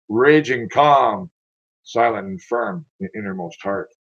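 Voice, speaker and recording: A man's voice: fairly low pitch, breathy edge, lo-fi sound. A man reading his own poetry aloud in a dramatic, declaiming way, with casual asides between poems.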